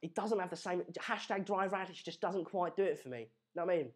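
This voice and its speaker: A man's voice: sits high, fast, slightly rough. A young man from England hosting a live football watchalong stream, reading out viewer comments and joking around with lots of fillers and restarts. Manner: jokey banter, rambling with fillers and restarts. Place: home room in Madrid.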